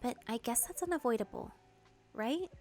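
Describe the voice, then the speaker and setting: A woman's voice: fairly high pitch, animated, moderate pace, darkish tone, faint music behind, close to an everyday voice. A woman voicing an earnest, worried young woman planning her wedding, reading game dialogue. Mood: concerned. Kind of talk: game dialogue read-through.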